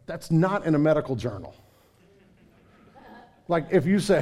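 A man's voice: fairly high pitch, expressive, normal speed, mellow. A middle-aged man preaching a sermon, telling the story with energy and acting out the voices of the people he quotes. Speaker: pastor.

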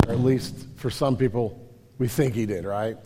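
A man preaches a sermon through a handheld or stage microphone in a large church hall, his mid-range voice warm and steady at normal speed. He's an earnest, emphatic pastor who often repeats words as he builds.

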